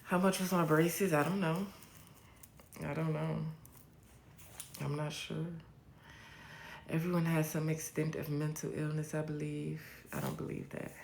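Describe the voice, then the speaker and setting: A young woman live streamer chats slowly and bluntly, all sass and swearing. Her voice carries a gravelly fry, and the room around her rings with echo. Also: sits low, level tone, a little hiss or hum. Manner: blunt, profane and sassy, drawn-out repeats. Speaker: livestream host. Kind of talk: casual live-stream chat, reading viewer comments. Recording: roomy echo.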